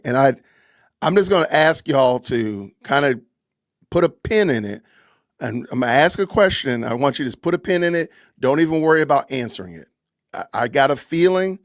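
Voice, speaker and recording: A man's voice: mid-range voice, dry recording, clean studio sound. A man hosting a podcast, delivering an impassioned, preachy commentary rant with lots of repetition and emphatic commands. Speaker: podcast host.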